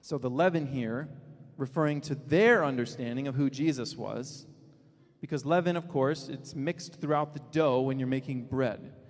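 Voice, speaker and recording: A man preaching a sermon as pastor, with emphatic declarations that drop to low, quiet asides. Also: moderate pace. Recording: long reverb of a large hall.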